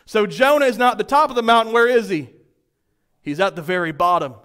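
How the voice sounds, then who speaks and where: Pastor, male, high-pitched; dynamic sermon delivery, folksy asides to congregation. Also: fairly quick, clear, resonant tone. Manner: dynamic preaching, swings from loud to hushed; folksy, addresses congregation directly.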